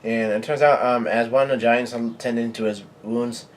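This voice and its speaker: Halting man reading aloud live. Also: medium pitch, fairly even intonation, a little hiss or hum. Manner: halting, with frequent fillers and restarts. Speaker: channel host reading and reacting to a comic chapter.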